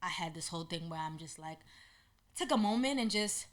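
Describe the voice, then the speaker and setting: A woman hosting a podcast, telling a personal story in an animated way and acting out what people said. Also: fairly low pitch, brisk. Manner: animated, acts out quotes in lively voices. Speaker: podcast host.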